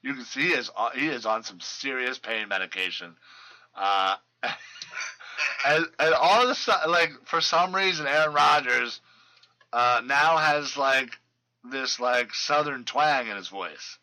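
A man talks loosely through football injury and roster news. His voice is very bright and forward. He stumbles and restarts often, filling gaps with ums and uhs. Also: medium pitch, a little slow, low-quality recording. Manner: loose and rambling, many fillers and restarts. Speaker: fantasy football podcast host. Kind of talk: casual sports news chat.

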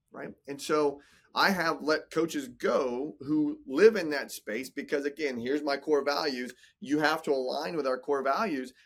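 A man's voice: fairly high pitch, fairly bright tone, breathy edge. A man in his forties, a business coach talking in a casual podcast interview, emphatic and motivational, often repeating words. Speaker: business coach and entrepreneur guest.

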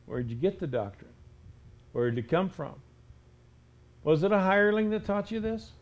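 A male preacher delivers a stern, emphatic sermon in a notably high voice. He keeps pressing his listeners with pointed rhetorical questions. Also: big pitch swings, normal speed, lo-fi sound.

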